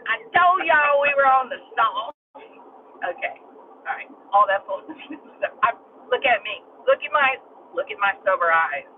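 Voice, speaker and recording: A woman's voice: a little high, animated, measured pace, pauses often. Woman, playful giggly host, in a moving car, tinny phone-like audio, faint noise. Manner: giggly, playful, repeats her co-host's jokes. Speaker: livestream host. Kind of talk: joking casual chat. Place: inside a moving vehicle.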